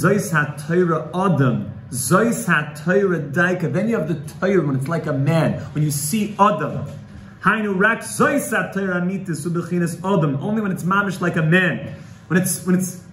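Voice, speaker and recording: A man teaching a Torah class in a fairly high voice, moving between explanation and emotional pleading as he quotes old texts. He sounds like he is in an echoey room, with a faint hum of ambience behind him.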